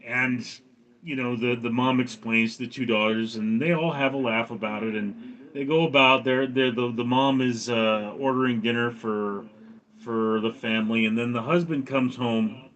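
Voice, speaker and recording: A man's voice: mid-range voice, steady tone, moderate pace, fairly bright tone, muffled recording, a little hiss or hum. A man hosting a casual livestream, telling long dirty jokes in a rambling way with many restarts. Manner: rambling storyteller, acts out voices in jokes.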